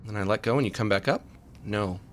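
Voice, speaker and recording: A man's voice: fairly low pitch, brisk, slight background noise. Joking man streaming a co-op game. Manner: joking, talks to his co-op partner while playing. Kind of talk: casual let's-play chatter.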